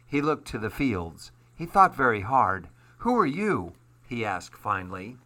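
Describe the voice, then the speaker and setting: A man reading a children's storybook aloud with gentle, unhurried storytelling. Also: lowish voice, expressive.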